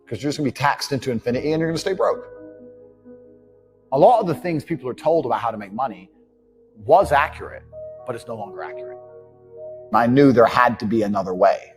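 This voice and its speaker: A blunt man with a mid-pitched voice holds forth in a brash, profane motivational rant, switching voices to act out the people he quotes. Faint music plays underneath. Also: darkish tone. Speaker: entrepreneur speaking on money. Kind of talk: motivational monologue.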